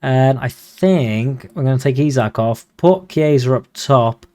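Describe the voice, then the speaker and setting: A man giving casual, excitable commentary over a football management game, swearing when he gets frustrated. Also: medium pitch, a little slow. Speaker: video game streamer.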